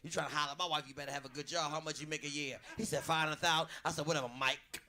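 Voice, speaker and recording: A man performing a crude stand-up comedy set, telling loud stories on a club stage. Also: a little high, steady tone, very fast.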